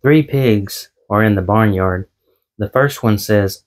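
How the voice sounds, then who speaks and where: An eBay reseller vlogs from his small home office, chatting casually and cracking corny jokes with folksy self-deprecation. He speaks unhurriedly in a fairly low voice.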